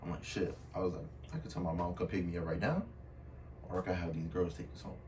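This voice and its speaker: Speaking fast in a low voice with fairly even intonation, a young man casually recounts a storytime full of slang. "Bro" and "I was like" come up a lot. The recording has faint room noise from a mic set somewhat far off.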